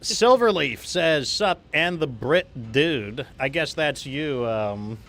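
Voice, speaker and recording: A man's voice: a little high, lively intonation, takes it slowly, a bit bright. A man hosting a live game stream, chatting casually in a rambling way, reading out viewer messages. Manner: rambling, many fillers and restarts, reads chat aloud. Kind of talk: casual live-stream chat while gaming.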